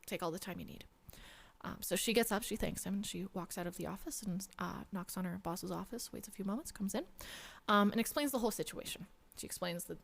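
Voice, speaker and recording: A woman's voice: mid-range voice, gravelly. Woman streamer, chatty and playful, casual joke-telling, swears when riled. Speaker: livestreamer. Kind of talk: casual joke storytelling to chat.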